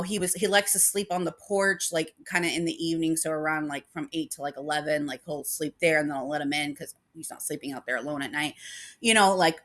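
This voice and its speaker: Woman, vlog host, casual rambling chat, lots of fillers, bright clear tone, slightly low pitch. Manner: emotional about her dog. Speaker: paranormal channel host.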